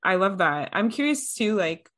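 A woman's voice: mid-range voice, very animated, normal speed, fairly bright tone. A woman hosting a casual podcast interview, chatty and full of "like". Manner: chatty, heavy use of "like". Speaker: podcast host.

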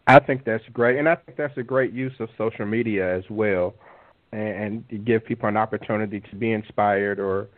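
A man's voice: lowish voice, fairly even intonation, moderate pace. A man hosting an interview, praising his guest and asking her to explain things for his listeners. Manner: encouraging, asks questions. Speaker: podcast host. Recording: phone-like line.

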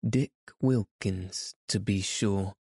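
A man's voice: on the low side, takes it slowly, darkish tone, husky, no echo, studio quality. A man voicing an old male miser in an audiobook reading, with wistful, marveling exclamations. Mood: wistful wonder.

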